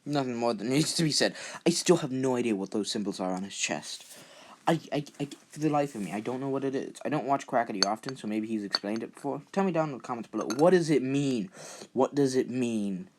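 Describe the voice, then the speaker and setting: A man's voice: mid-range voice, animated, quick pace. A young man hosting his own channel, talking casually in a rambling, self-deprecating way and often repeating words as he goes. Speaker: channel host. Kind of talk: casual vlog commentary.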